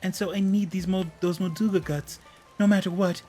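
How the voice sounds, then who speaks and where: A man's voice: high-pitched, steady tone, normal speed, darkish tone, soft background music, voice pushed up, natural voice. A man voices a lovesick young woman, gushing and dramatic. Her voice sits well above his own. She sounds like a game character. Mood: yearning.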